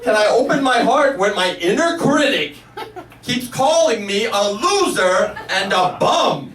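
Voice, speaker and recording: A man's voice: big pitch swings, a bit bright, far from the mic, exaggerated voice. A man putting on the voice of an effusive famous female talk show host, gushing and drawn out. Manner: gushing, drawn-out, high-pitched. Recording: roomy live cafe, mic from afar.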